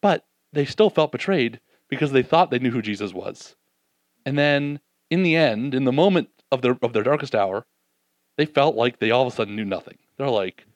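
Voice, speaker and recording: A man preaching a sermon, reading scripture and acting out the disciples' doubts in an animated way, then dropping soft and slow to reflect. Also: medium pitch, no room sound.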